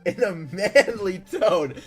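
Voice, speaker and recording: A man reads stories aloud in a casual, offhand way, his voice rising and dropping all over the place as he stops to laugh and protest in disbelief. His voice sits a little high for a man. Soft music plays behind him. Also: expressive, takes it slowly. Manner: laughs often, breaks off into incredulous outbursts. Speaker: YouTuber reading viewer stories. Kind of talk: casual reading aloud with commentary.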